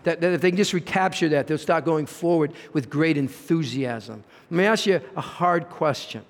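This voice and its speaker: A man's voice: on the high side, moderate pace. A man preaching a sermon as pastor, earnest, with rhetorical questions and swings in emphasis. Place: church sanctuary. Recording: reverberant church hall.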